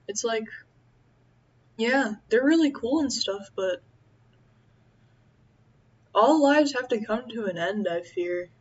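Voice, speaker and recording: A young woman chatting casually as she eats, rambling and halting with many fillers. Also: mid-range voice, highs cut off. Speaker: vlogger. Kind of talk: casual chat while eating.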